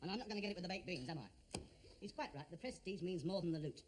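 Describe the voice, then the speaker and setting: A man playing a pushy, cheeky theatrical agent always after a fast deal, in old radio comedy. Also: sits high, animated, very noisy. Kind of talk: 1950s radio comedy acting.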